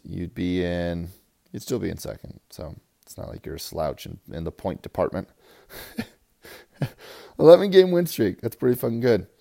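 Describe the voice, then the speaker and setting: Young man, low gravelly voice, crude rambling league recap. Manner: crude, rambling, swings from loud hype to mumbling. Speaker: fantasy football league player. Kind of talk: profane casual recap.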